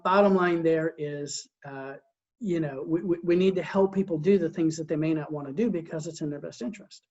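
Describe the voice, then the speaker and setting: A man's voice: sits high, darkish tone. A middle-aged man coaching in an earnest, conversational way. He often repeats words as he starts a sentence and asks his listeners rhetorical questions. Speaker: Christian leadership coach. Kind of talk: conversational teaching talk. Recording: dull lo-fi recording.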